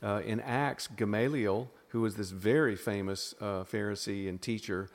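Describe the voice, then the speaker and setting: A man's voice: lowish voice, fairly even intonation, moderate pace, in a large hall. A man with a Southern US accent, a podcast guest explaining ideas in a thoughtful way, often restarting his sentences. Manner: thoughtful, self-interrupting explainer with frequent restarts. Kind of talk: casual teaching conversation.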